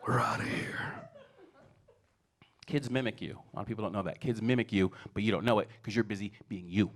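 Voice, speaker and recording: A man's voice: lowish voice, a little fast. A man in his forties doing a stand-up comedy set, telling stories and acting out his kids. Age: 40s. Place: comedy stage before a live audience.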